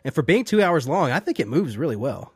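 Animated, gushing podcast man. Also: on the high side, fairly quick, slightly rough. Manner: enthusiastic, gushing, swears often. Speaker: podcast co-host. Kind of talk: casual film discussion.

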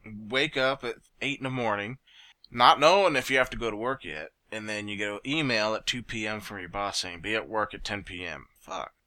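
A man in casual chat, telling stories loudly and swearing, then trailing off into mumbles. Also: fairly low pitch, moderate pace. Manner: animated storyteller, swearing, swings loud then mumbling.

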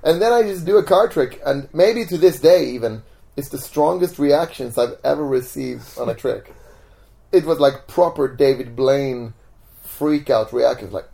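A man's voice: medium pitch, normal speed, vocal fry. A man being interviewed as a magician guest at home, telling stories casually and acting out the voices in them. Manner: animated, acts out voices in his stories.

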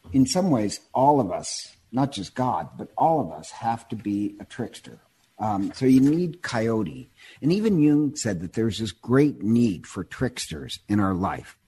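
A man in casual conversation, retelling a myth in an animated, digressive way and often repeating words as he goes. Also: mid-range voice, husky.

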